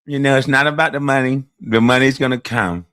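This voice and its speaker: A man putting on a smug, boastful hustler who talks slowly with a stiff jaw and barely moving lips. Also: medium pitch, fairly even intonation, a bit bright, smooth, dry recording, studio quality, close to an everyday voice. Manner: slow, preachy bragging.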